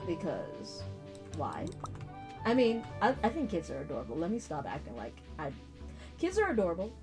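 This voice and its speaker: A woman's voice: lowish voice, huge pitch swings, moderate pace. A woman in her thirties casually commenting on her gameplay, chatty, slangy and self-mocking. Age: 30s. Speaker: gaming video host. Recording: game music behind. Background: game music.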